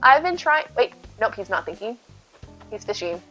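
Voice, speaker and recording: Her fairly high, bright voice has a sing-song, forceful quality at a normal speed as she plays a game on stream. She chats casually, thinks aloud, and answers viewers' messages, all in a slightly muffled recording with faint game music.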